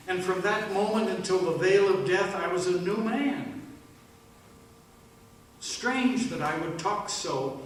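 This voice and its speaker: A man delivering a slow, solemn first-person dramatic monologue in a church service, with hushed pauses. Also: fairly high pitch, a little hiss or hum. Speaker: worship leader. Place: church sanctuary. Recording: echoey room, mic at a distance.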